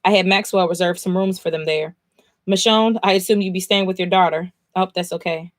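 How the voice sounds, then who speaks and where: A woman voicing a composed female official who welcomes newcomers in a formal, brisk and polite way. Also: fairly low pitch, steady tone, close to an everyday voice.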